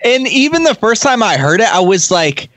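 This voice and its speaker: A man's voice: sits high, big pitch swings, moderate pace, fairly bright tone, dry recording. A young man in a casual podcast chat about a film, rambling with fillers and swearing. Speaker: podcast co-host. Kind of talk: casual movie-review chat.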